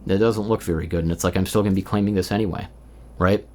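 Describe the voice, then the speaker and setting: A man's voice: deep voice, fairly even intonation, quick pace, warm tone. A man in his thirties talking alone in an unscripted stream-of-consciousness monologue, rambling and candid, swearing often. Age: 30s. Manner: rambling and candid, with frequent profanity and filler. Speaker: vlogger. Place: indoors, recording alone.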